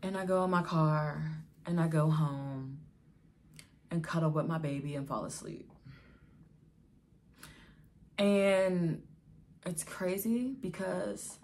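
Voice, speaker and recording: A woman's voice: on the low side, slow, pauses often. Exasperated woman telling a storytime. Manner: emotional, exasperated, addresses viewers as y'all. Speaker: vlogger telling a personal story. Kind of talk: storytime vlog.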